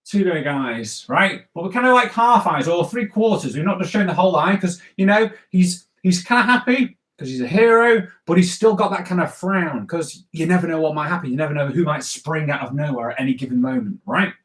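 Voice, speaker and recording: A man's voice: fairly high pitch, expressive, a little fast, few pauses, fairly bright tone. A man, a comics artist teaching a live drawing lesson for kids in a playful, chatty way, often checking in with "right?" and "okay?". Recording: echoey room.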